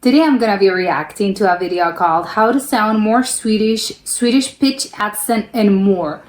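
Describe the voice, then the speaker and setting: A woman's voice: mid-range voice, normal speed, roomy sound. American woman hosting a reaction video. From United States. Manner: chatty, comments briefly over the video. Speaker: reaction channel host. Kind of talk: casual reaction commentary.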